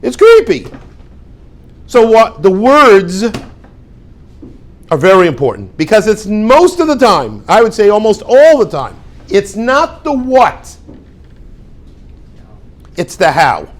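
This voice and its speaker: A man teaching a class as a rabbi, with a fairly high voice that swings widely up and down. He acts out small everyday exchanges in quoted voices and throws questions at his students. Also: slow pace, long pauses. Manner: animated, acts out little dialogues in quoted voices. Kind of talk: lively classroom talk.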